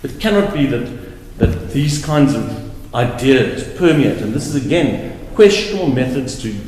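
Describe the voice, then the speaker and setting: A male advocate giving a deliberate, emphatic courtroom argument, repeating words for stress. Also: mid-range voice, expressive, a little mellow, slight background noise. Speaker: advocate arguing an appeal. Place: large courtroom. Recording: very echoey courtroom with long reverb.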